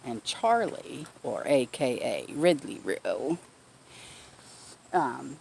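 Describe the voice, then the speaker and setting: A woman's voice: rumbling low, big pitch swings, drawn-out words, vocal fry, darkish tone, a little hiss or hum. A woman vlogger telling a story in a casual, blunt way, swearing freely, recorded outdoors in her backyard garden.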